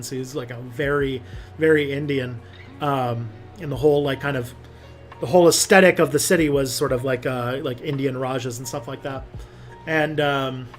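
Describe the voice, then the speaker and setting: A young man hosting a casual livestream, reading viewer comments and rambling with many fillers and restarts. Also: mid-range voice. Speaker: livestream host.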